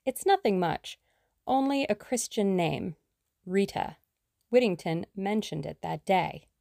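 A woman reading the lines of a brisk, bossy young woman sleuth in an audiobook, speaking emphatically and decisively. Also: medium pitch, animated, gravelly, mellow, no echo, studio quality.

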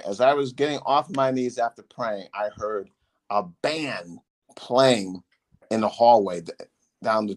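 An emphatic man in his sixties speaks at a medium pitch, a former congressman telling stories to his son. He retells events casually and animatedly. He repeats key phrases for weight. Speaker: former congressman hosting a podcast.

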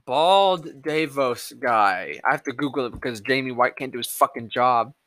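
A man hosting a solo podcast, reading headlines aloud and ranting about them in a profane, combative way, swinging between loud outbursts and low muttering. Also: animated, moderate pace, dry recording, studio quality. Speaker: podcast host.

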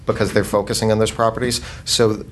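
A man in a casual podcast discussion, speaking in a hesitant, halting way. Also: on the low side, level tone, slight background noise.

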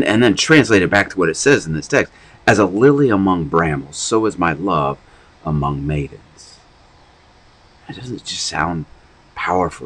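A man's voice: deep voice, a bit bright, slightly rough, poor audio. A man giving an informal, rambling sermon on a podcast, talking conversationally with many restarts. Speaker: preacher.

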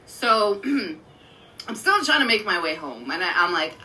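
Bright woman podcast cohost, cussy animated storytelling, bit of background hiss. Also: fairly low pitch, fast talker, poor audio. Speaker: podcast co-host. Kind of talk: casual storytelling chat.

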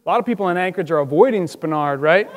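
A male pastor delivering a lively, conversational sermon in church, acting out the people he quotes with sudden loud outbursts. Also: high voice, rapid-fire, big-room sound.

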